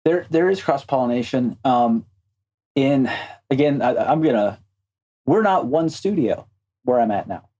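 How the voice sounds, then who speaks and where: A man who works as a game animator, speaking as a podcast guest in a thoughtful, halting way. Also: medium pitch, lively intonation, mellow, rough recording. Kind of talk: casual interview chat.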